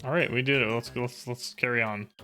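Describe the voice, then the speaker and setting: A male streamer gives loose, joking commentary while he plays, quick to get excited and fond of swearing. His voice is mid-pitched with a bright, forceful tone. Soft game music runs in the background. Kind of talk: casual let's-play commentary.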